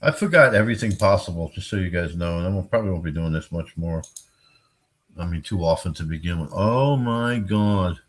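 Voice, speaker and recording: Rambling husky low-voiced man. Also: a little fast. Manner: rambling, jokey, swings into high squeaky bits. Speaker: livestream host. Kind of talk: rambling casual livestream.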